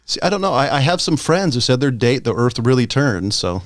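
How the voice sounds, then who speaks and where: A man's voice: mid-range voice, very animated, a little fast, no echo. A man co-hosting a casual podcast with dry, joking remarks. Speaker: podcast co-host.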